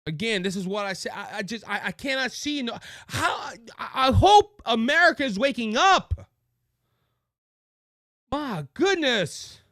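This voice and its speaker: Cajun male political host, heated rant, bright sharp high voice, dry studio sound. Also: animated, measured pace, no room sound. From Louisiana. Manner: impassioned, raises voice, repeats words as he restarts. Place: studio with a monitor.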